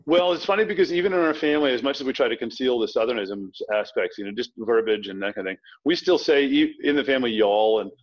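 Quick, restart-prone man on a lo-fi line. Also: medium pitch. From Virginia. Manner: quick, anecdotal, frequent restarts. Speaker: author guest. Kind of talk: casual interview chat. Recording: dull lo-fi sound.

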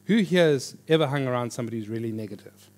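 A man teaching a church class on reading the Bible, in a lively, joking conversational way. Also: medium pitch, racing. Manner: animated, jokey, with lively quoted voices. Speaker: pastor teaching a Bible course. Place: church hall before an audience.

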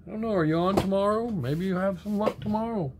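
A high, fast male voice comes through background noise as a diecast collector casually reads viewer comments. Laid-back and rambling, he names each commenter, answers them, and repeats warm sign-offs such as "right on, brother," all while dealing with a sore arm and shoulder.

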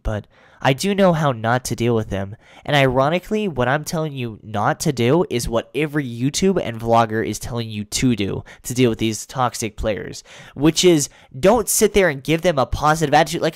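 A young male YouTuber riffing in crude, sarcastic commentary at a middle pitch. He swears freely and bursts into loud mock voices. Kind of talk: comedic commentary.

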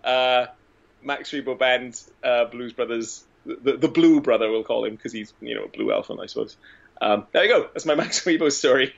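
A man, a guest on a podcast, pitching silly ideas in an animated, profane, joking way. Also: normal speed, vocal fry. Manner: animated, profane comic storytelling. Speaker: guest filmmaker. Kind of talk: casual podcast chat. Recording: dull lo-fi audio.

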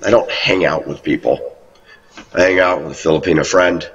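A video blogger rambles through a monologue about his life, often quoting people in a raised voice. His rumbling low voice moves at a moderate pace with a fairly bright tone and breathy edge, heard through a muffled, distant lo-fi recording.

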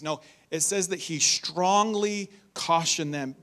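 A man preaching a conversational, animated sermon in a church, reading scripture and acting out warnings. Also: on the high side, takes it slowly, few pauses.

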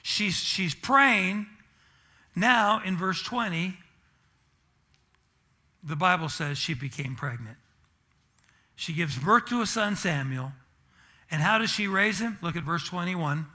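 A man's voice: high-pitched, lively intonation, measured pace, long pauses, sharp tone. A pastor preaching a sermon in church and telling a self-deprecating, humorous story about his family.

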